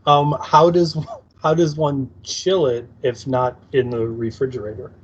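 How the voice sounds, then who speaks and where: A man's voice: medium pitch, flat delivery, unhurried, husky. A man co-hosting a casual podcast, wry and teasing, often laughing. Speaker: podcast co-host. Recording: slightly dull lo-fi audio.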